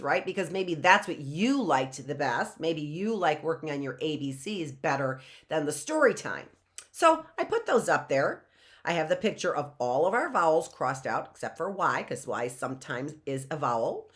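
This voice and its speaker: A woman teacher giving a children's phonics lesson, talking in a slow, sing-song way with drawn-out words and repeated questions. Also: deep voice, fairly bright tone.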